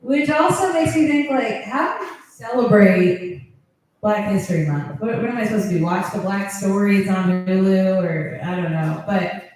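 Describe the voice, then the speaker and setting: Female comic, self-mocking and loose, mid-pitched voice, heavy room echo. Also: normal speed, a little mellow, slight background noise. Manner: self-deprecating, rambling, laughs at own jokes. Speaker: stand-up comedian. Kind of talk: stand-up comedy set. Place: comedy club. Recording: very echoey club room.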